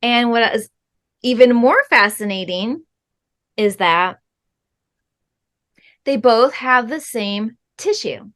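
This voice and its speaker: A middle-aged woman guest talks as a spiritual healing guide, her voice a little on the high side. She speaks slowly and earnestly, pausing often. Her sentences are measured and sprinkled with soft fillers. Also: expressive. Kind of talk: interview answer, spiritual teaching.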